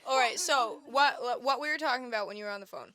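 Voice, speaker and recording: A young woman co-hosts a podcast, telling stories animatedly in casual chat and laughing often. She talks fast in a slightly high voice.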